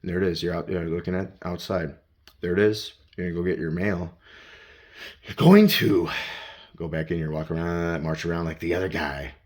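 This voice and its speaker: Low-voiced man rambling to himself. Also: fairly even intonation, normal speed. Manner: talks to himself in second person, profane. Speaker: vlogger. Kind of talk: rambling self-talk vlog. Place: around his home and garage. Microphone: handheld phone.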